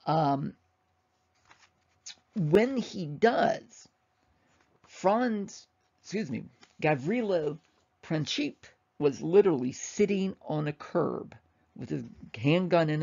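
A man's voice: fairly high pitch, vocal fry, darkish tone, lo-fi sound. A man giving a casual, rambling history lecture, often correcting himself and acting out quotes.

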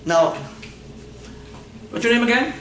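Male anatomy lecturer, high voice, playful and quizzing, echoey classroom, mic across the room. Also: lively intonation, unhurried, bright, forceful tone, far from the mic, slight background noise. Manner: playful, quizzing students, frequent laughs.

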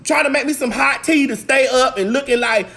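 A woman in a casual, profane vlog rant recapping a movie, swinging between shouts, laughs and low mutters, a little congested. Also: a little fast. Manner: talks straight to viewers. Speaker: vlog host.

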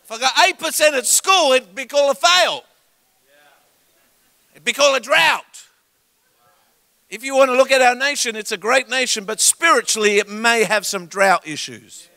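An Australian man preaching a sermon in a church service, telling comic stories and swinging from quiet asides to shouts. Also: extremely high pitch, moderate pace, vocal fry, pauses often, no echo. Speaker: guest preacher.

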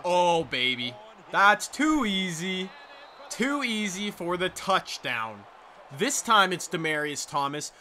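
A man giving excited, trash-talking commentary over his own football video game play. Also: high-pitched. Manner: hyped, trash-talking, sing-song exclamations. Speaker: gaming YouTuber.

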